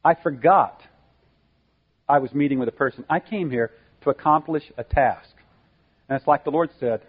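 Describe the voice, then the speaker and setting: A man's voice: fairly high pitch, moderate pace, long pauses, breathy edge. A man preaching a sermon, teaching earnestly and driving points home by repeating them. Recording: tinny phone-like sound.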